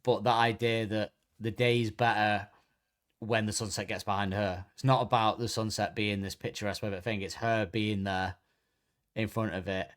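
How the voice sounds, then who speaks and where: Guy on a podcast, kinda low voice, rambles and restarts a lot. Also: little pitch movement, moderate pace, fairly bright tone, clear, resonant tone. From Britain. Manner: rambling, restarts sentences, searches for words. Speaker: podcast co-host. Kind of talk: casual chat.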